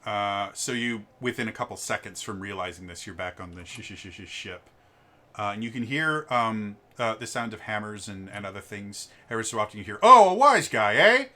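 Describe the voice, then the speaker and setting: A man's voice: lowish voice, a little fast, sharp tone. A man narrating as game master in a tabletop game, stammering with many fillers.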